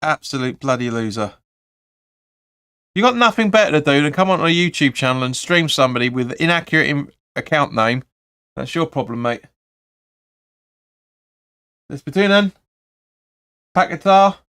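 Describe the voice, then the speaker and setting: A man's voice: on the high side, lively intonation, moderate pace, long pauses, sharp tone, smooth. A man hosting a live football watch-along, calling the play and chatting through viewer comments with blunt opinions. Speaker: fan channel host.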